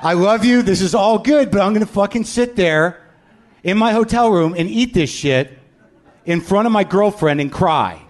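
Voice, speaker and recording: A man's voice: sits high, animated, normal speed. A man hosting a live comedy podcast in front of an audience, ranting in a profane, self-deprecating way. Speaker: host. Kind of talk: live stand-up podcast monologue.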